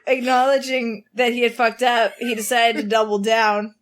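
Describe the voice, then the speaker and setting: Woman with a high voice, laughing through a story. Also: level tone, moderate pace. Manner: storytelling, breaking into laughter often. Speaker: podcast co-host. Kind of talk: casual chat.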